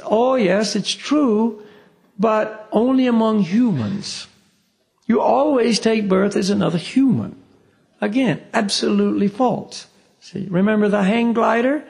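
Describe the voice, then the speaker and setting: A man's voice: sits high, vocal fry. A man teaching a spiritual class in a conversational way. He keeps saying "you see" and acts out little dialogues. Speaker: meditation teacher. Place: meditation class room.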